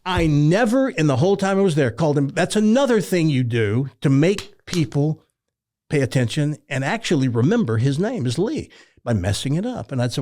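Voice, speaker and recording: A man's voice: on the high side, brisk. An older man from Tennessee, a former radio host telling stories in an interview and acting out the dialogue. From Tennessee, USA. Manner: animated storyteller who acts out quoted dialogue. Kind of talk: storytelling in a casual interview.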